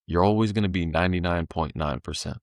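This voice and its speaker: A deep-voiced man chats casually as a podcast guest, loose and slangy as he tells his story. The sound is dry and close, with no room around it. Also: fast, no room sound. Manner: laid-back slangy storytelling, animated when voicing the market.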